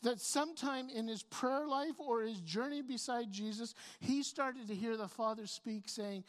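A woman's voice: fairly high pitch, unhurried, few pauses. Woman preaching in a reverberant hall. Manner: storytelling preacher, frequent stammered restarts. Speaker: pastor. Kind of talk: sermon. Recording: long reverb of a large hall.

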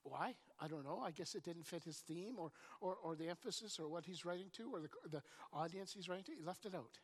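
A woman preaching a sermon, telling the story with animated energy and often repeating words as she starts a thought. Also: fairly low pitch, quick pace, husky. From Canada. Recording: long reverb in a large hall.

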